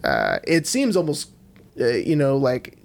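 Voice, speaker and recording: A man's voice: medium pitch, wildly swooping pitch, unhurried, gravelly. A young man co-hosting a casual movie podcast, musing and hedging as he analyzes. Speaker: podcast co-host.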